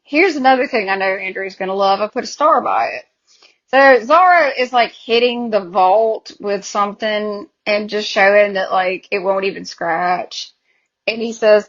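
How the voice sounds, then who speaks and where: A woman's voice: medium pitch, normal speed, a bit bright. Chatty Southern woman, muffled lo-fi sound. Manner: chatty, exasperated asides. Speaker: podcast co-host. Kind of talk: casual chat recapping a TV show.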